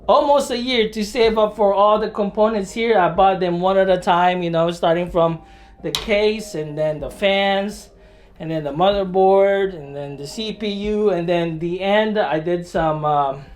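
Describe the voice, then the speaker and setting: A chatty adult in their thirties vlogs from home in an unhurried, drawn-out way at a mid-range pitch. The talk rambles with plenty of fillers and self-deprecating asides, and an occasional excited whoop breaks through. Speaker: hobbyist vlogger. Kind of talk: casual vlog narration while working.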